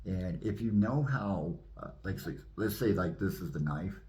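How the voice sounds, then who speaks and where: A man, a minister, telling his personal testimony in an animated way and acting out the scenes. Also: low-pitched, unhurried.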